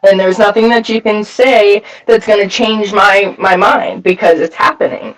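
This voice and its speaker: Speaking at normal speed in a high, fairly even voice, a man tells his recovery story candidly at a meeting. He's blunt, swears plenty, leans on filler words, and sounds a bit distant from the mic.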